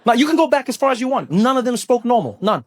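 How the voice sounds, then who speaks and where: A male comedian doing stand-up, punchy and animated, with repeated refrains. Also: very high-pitched, fast talker.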